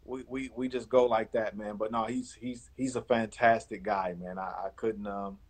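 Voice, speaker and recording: A man in his forties with a husky, slightly breathy voice talks basketball in a casual interview. He often repeats words as he builds his point, with an animated, storyteller's flow. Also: fairly low pitch, moderate pace, low-quality recording. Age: 40s. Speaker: basketball scout and analyst.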